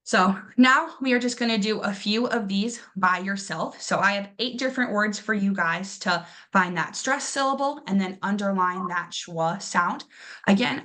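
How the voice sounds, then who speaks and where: A woman's voice: mid-range voice, bright, forceful tone. Young woman teacher doing a pronunciation lesson, patient and encouraging, says each word twice. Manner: patient, encouraging, repeats words slowly.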